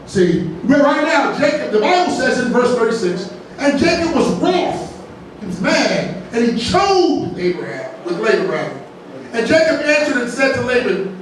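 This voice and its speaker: Man pastor preaching, high voice, heard from far off in a very echoey church with a faint hiss. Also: big pitch swings, normal speed. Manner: folksy preaching with jokes, asks "right?" often. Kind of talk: sermon. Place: large church sanctuary. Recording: very echoey church, distant mic, faint noise.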